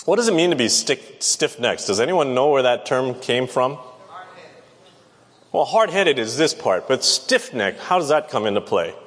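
A man's voice: medium pitch, big pitch swings, normal speed, fairly bright tone. A man preaching a Bible lesson, talking conversationally and asking the audience questions. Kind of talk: Bible teaching sermon. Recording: long reverb of a large hall.

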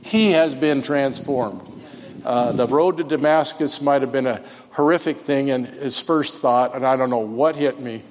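Man, pastor leading a sermon, halting delivery full of fillers, long church reverb. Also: mid-range voice.

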